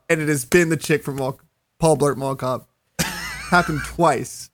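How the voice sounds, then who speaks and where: A young man co-hosting a podcast, telling a story in a casual, animated way, laughing and swearing as he goes. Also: a little high, a little slow. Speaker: podcast co-host.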